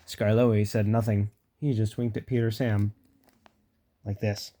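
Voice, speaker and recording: A man's voice: lowish voice, flat delivery, unhurried, mellow, slight background noise. A man reading a children's storybook aloud, casual, with joking asides and small stumbles. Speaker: storybook reader.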